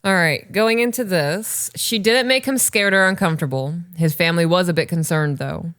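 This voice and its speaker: A woman in her thirties co-hosting a podcast, reading listener stories and chatting casually, animated and swearing freely. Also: on the low side, normal speed, over music. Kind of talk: casual chat and story reading.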